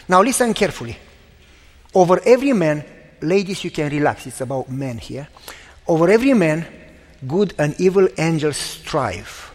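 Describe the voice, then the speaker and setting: A man in his fifties preaches in a high, light voice, building his stories with emphatic repetition and sudden pauses. His words ring out with a long reverb, as in a large church hall. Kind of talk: sermon.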